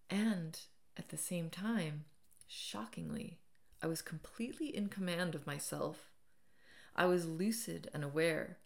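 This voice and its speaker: A woman reading her own memoir aloud as an audiobook, dramatic, rising loud at times and falling nearly to a whisper. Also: low-pitched, a little slow, creaky. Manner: dramatic, swells loud and drops to near whisper.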